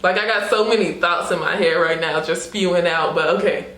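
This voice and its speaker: A young woman unboxing a wig for her vlog, excited and laughing, talking casually with lots of slang and fillers. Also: fairly low pitch, fairly quick. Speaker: beauty vlogger. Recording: roomy echo.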